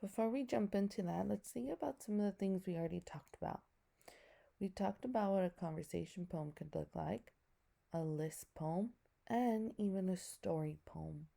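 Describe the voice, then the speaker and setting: Slow, gravelly-voiced woman teacher. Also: mid-range voice, warm tone. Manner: patient, explains step by step, asks students questions. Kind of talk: recorded class lesson.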